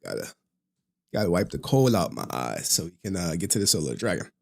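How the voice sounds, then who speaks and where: A man's voice: deep voice, sing-song, fairly quick, creaky, a little mellow. A young man hosting a casual late-night stream, tired from no sleep, rambling, swearing and laughing often. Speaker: streamer host.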